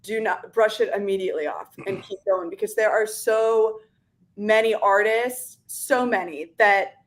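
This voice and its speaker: A woman singer talking as a guest in a casual interview, chatty and animated, with many "like" fillers. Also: medium pitch, a little slow.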